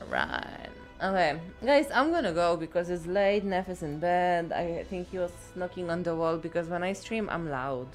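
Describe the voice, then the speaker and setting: A woman's voice: fairly low pitch, animated, normal speed, hardly any pauses, soft background music. A woman game streamer chatting casually, rambling and swearing freely. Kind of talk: casual chat.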